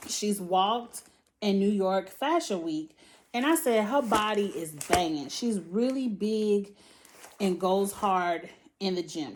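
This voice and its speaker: A woman vlogger, chatting casually and giving her opinions on a reality show cast. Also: mid-range voice. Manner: chatty and opinionated, with lively asides. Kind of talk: casual chat.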